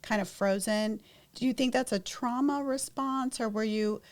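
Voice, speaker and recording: A woman with a Spanish accent, co-hosting a podcast and asking gentle, encouraging questions. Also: on the high side, normal speed. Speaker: podcast co-host. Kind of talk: conversational interviewing.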